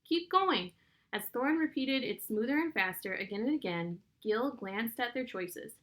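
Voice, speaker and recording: A woman reading a children's novel aloud in a steady, clear storytelling voice. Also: fairly high pitch, normal speed. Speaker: audiobook narrator.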